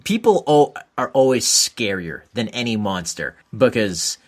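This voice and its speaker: A man's voice: lowish voice, big pitch swings, a little slow. A man co-hosting a podcast in casual chat, blunt and heavy on swearing. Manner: profane, blunt, laughs at own jokes. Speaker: podcast co-host.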